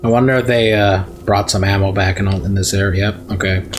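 A man hosting a casual let's play, joking and swearing loudly at the game. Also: low voice, fairly even intonation, fairly quick, slight background noise. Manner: swears and yells in bursts at the game. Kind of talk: casual gameplay commentary.

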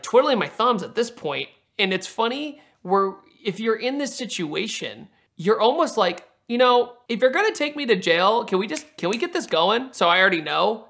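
Gravelly, bright-voiced young man telling a story. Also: high-pitched. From Virginia. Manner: animated, laughing, acting out quotes. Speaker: car storyteller. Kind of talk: casual storytelling.

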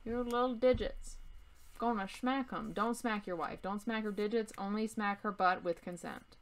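A woman's voice: mid-range voice, moderate pace. A young woman hosting a card-opening vlog, chatting casually in a jokey, self-deprecating way. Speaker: YouTube host opening trading card packs. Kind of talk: casual chat.

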